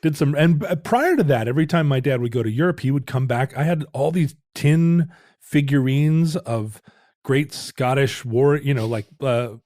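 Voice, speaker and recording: A man's voice: mid-range voice, animated, moderate pace, darkish tone, no echo, clean studio sound. A middle-aged man co-hosting a podcast, telling a family story in a rambling, self-interrupting way. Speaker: podcast co-host. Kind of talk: casual chat.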